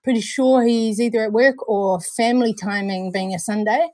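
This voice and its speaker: Brief: New woman co-hosting a live chat show, higher voice, dry close sound, giggly and chatty. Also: fairly even intonation, normal speed, darkish tone, no echo. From New Zealand. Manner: bubbly, laughs often, calls people darling. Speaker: livestream co-host. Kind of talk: casual live-stream chat.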